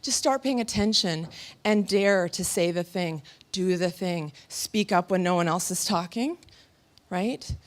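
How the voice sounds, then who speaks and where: Animated woman giving a motivational stage talk. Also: fairly low pitch, measured pace. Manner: animated, laughing storyteller. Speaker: motivational speaker. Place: stage before a live audience.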